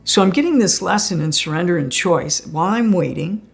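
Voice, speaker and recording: Gravelly low-voiced woman telling her story. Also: expressive, fairly quick, faint music behind. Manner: conversational, often laughs while telling. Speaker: guest sharing a near-death experience. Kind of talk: personal storytelling.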